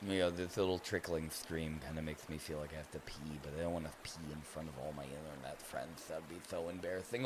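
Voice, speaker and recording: A man's voice: a bass voice, steady tone, a little fast, few pauses, slight background noise. A man hosting a live stream, reading viewer comments aloud in a playful, goofy, teasing way. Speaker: livestream host.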